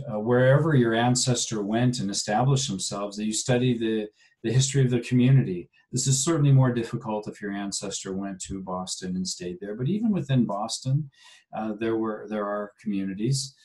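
A man with a fairly low voice delivers a recorded genealogy lecture. He speaks conversationally, stopping often to fill gaps and restart his sentences. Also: a little mellow. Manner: halting, many fillers and restarts, conversational. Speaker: genealogy instructor.

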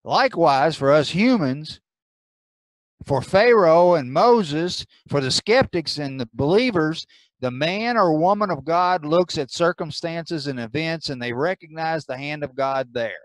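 A man teaching a church Bible class, deliberate and repeating his key lines for emphasis. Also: on the high side, expressive, dry recording, clean studio sound. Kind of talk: Bible lesson.

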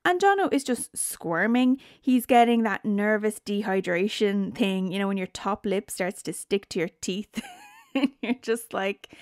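A woman's voice: mid-range voice, a little slow, darkish tone, dry recording, studio quality. A woman reviewing a reality TV show in a casual, sarcastic rant, swearing freely. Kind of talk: casual spoken recap.

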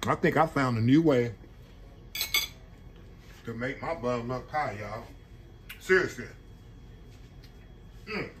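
A man hosts a casual home cooking vlog, speaking directly to viewers in a folksy, chatty way and repeatedly calling them y'all. His mid-range voice moves slowly with long pauses, against a noisy background.

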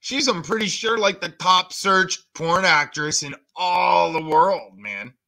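A man's voice: sits high, animated, takes it slowly, creaky, pushed and bright. A man hosting a reaction channel, making sarcastic, mocking comments.

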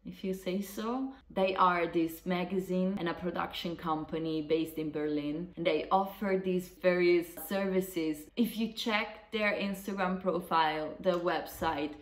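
A woman's voice: lowish voice, fairly even intonation, unhurried, hardly any pauses. A woman vlogger chatting casually and rambling, swearing now and then. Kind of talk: casual vlog chat. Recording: roomy echo.

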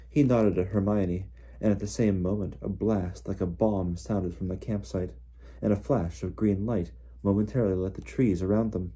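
A man reading a novel aloud in steady storybook narration. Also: deep voice, normal speed, breathy edge. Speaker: audiobook reader.

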